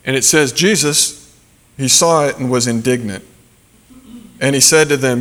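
A man's voice: medium pitch, unhurried, long pauses, a bit bright. A man preaching a sermon as a pastor, in a loose conversational way, with many fillers and asides such as "right?". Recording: long reverb of a large hall.

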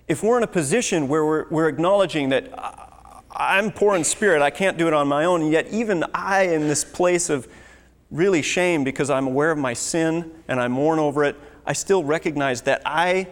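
A man preaching a sermon, earnest and teaching, with scripture read aloud. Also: on the high side. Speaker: pastor. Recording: long hall reverb.

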